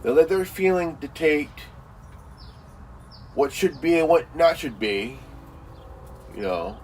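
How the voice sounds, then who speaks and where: A man's voice: fairly high pitch, very animated, slow pace, a little mellow, far from the mic, a little hiss or hum, rough recording. A man ranting casually with heavy swearing, repeating himself and leaning on fillers like "you know" and "man". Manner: crude, swearing, insulting. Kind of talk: profane casual rant.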